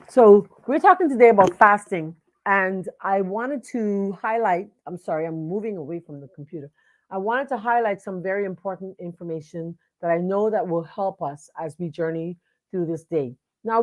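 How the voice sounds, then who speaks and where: A woman hosting a live online talk show, speaking casually with lots of fillers and restarts and greeting viewers by name. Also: mid-range voice. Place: home studio at a computer.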